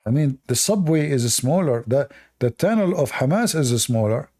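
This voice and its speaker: A man's voice: medium pitch, expressive, moderate pace, mellow. A man with a non-native English accent hosting a livestream and giving sarcastic, mocking commentary. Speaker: livestream debate host.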